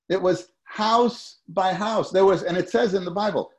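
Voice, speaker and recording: A man's voice: high-pitched, fairly even intonation, moderate pace, hardly any pauses, a little mellow. A middle-aged man preaching a sermon to a congregation, talking in a conversational way, asking them questions and repeating key phrases.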